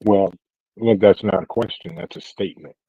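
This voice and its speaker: A man's voice: low-pitched, moderate pace, mellow, breathy edge, dry recording. A man hosting a casual group chat over an online call, laid-back and putting questions to the group. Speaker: host. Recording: dull lo-fi call audio.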